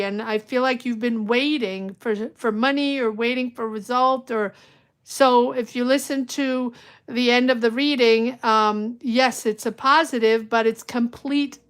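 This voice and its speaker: Woman doing a live tarot stream, kinda high voice, chatty, lots of "you know"s, reassuring. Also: a bit bright. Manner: chatty, reassuring, thinks aloud with many fillers. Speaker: tarot reader.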